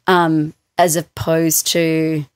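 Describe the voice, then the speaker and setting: An Australian woman, a voice actor, chatting casually as a podcast guest in a studio, self-deprecating and quick to laugh. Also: sits low, flat delivery, smooth, no room sound. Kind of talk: casual chat. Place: recording studio.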